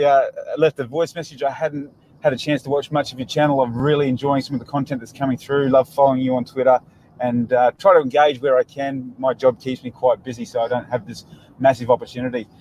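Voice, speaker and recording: An Australian man leaves a friendly, meandering voicemail, full of ums and uhs. His voice sits at a middle pitch, with a faint hum of traffic and road noise behind him, as if he is calling from a moving vehicle. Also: a little mellow, rough recording. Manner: friendly, rambling with fillers. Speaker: caller leaving a voicemail. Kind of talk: recorded voicemail message.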